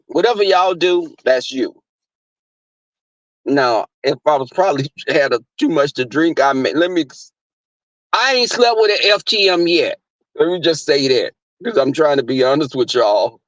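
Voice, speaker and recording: A man in his twenties hosts a casual livestream, reading chat and telling a profane, gossipy story. His voice is a little high and fairly bright, with no echo, and the sound is dull, lo-fi and dry.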